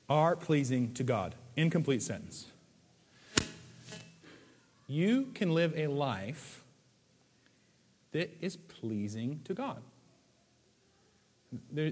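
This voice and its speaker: A man's voice: on the high side, a little mellow, long reverb tail. A man preaching a sermon in a conversational way, with playful acted asides. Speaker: pastor.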